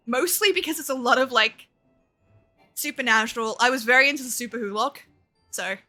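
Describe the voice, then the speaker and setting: High, bright, profane woman streamer. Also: normal speed, soft background music. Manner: swears a lot, reacts out loud. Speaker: game streamer. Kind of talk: casual gaming commentary.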